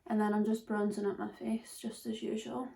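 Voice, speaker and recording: A woman's voice: mid-range voice, flat delivery, normal speed, creaky, warm tone. A nineteen-year-old Scottish woman chatting casually through a makeup tutorial, full of fillers and dropping into whispers at times. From Scotland. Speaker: beauty vlogger.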